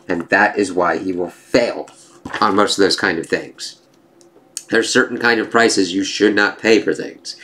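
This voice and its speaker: A man with a low voice casually reviewing a comic issue, chatting and reacting as he goes. He is loose and excitable, with some swearing. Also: unhurried. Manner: casual, profane, excitable commentary.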